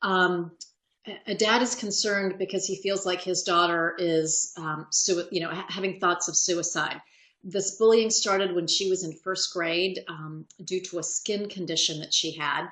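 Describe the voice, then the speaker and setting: A woman moderator reads audience questions aloud in a fairly low voice. She speaks carefully and hesitantly, with frequent fillers. The recording sounds echoey, as if she is in a reflective room. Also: steady tone, a little slow, a bit bright. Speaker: webinar moderator.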